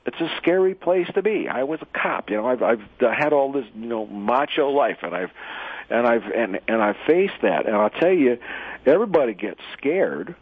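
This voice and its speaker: A man telling a parable and then speaking his mind, halting, often repeating words and using fillers. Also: mid-range voice, expressive, husky, dry recording. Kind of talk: monologue commentary with a parable. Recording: tinny phone-like radio sound.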